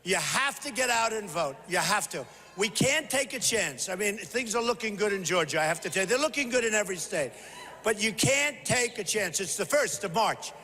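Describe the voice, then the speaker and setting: An older man giving a punchy, repetitive rally speech to a large crowd, often shouting. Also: sits high, lively intonation, moderate pace. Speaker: political candidate at a rally. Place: large convention hall. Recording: echoey hall with faint crowd.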